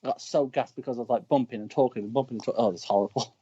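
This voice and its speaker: A man with a British accent, a wrestler telling ring stories in casual chat, animated and breaking into shouted lines. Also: medium pitch, rapid-fire, slightly rough. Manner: animated, shouts quoted lines mid-story. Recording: dull lo-fi call audio.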